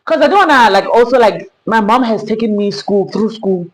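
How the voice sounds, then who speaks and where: A young South African woman telling a personal story in a sit-down vlog, animated and sprinkling in Zulu slang. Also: medium pitch, brisk, poor audio. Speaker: vlogger.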